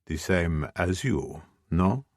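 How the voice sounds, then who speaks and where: A man voicing an imposing mafia man who speaks in a calm, slow, understated way. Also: sits low, no echo, clean studio sound, full character voice. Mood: cool.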